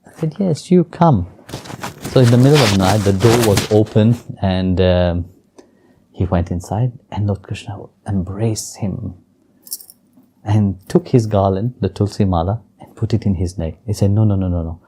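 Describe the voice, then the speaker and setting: A low-pitched man with a mellow, dark voice, gently telling spiritual stories in an interview. His phrasing is simple and non-native, and he chuckles softly now and then. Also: normal speed, slightly rough. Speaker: spiritual teacher. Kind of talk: storytelling and spiritual teaching in an interview.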